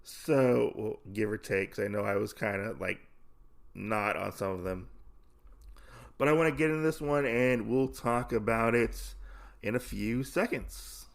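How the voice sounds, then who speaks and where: A man's voice: fairly low pitch, a little slow, gravelly. A man hosting a comic podcast, recapping a story in a casual, rambling, joking way, correcting himself as he goes. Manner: rambling, self-correcting, jokey.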